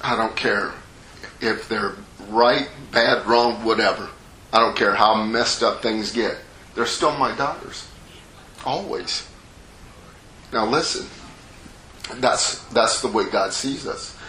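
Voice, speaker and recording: A man's voice: fairly low pitch, takes it slowly, pauses often, bright, forceful tone, slight background noise. A middle-aged man preaching a sermon in a folksy, conversational way, acting out the characters of a parable. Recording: echoey room with faint ambience.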